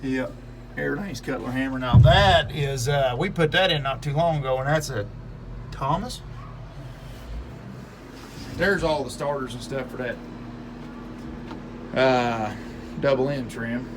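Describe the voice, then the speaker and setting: Over background noise, the mill-working vlogger chats about his work in a rambling, folksy manner, often chuckling. His mid-range voice is a little slow and he pauses frequently.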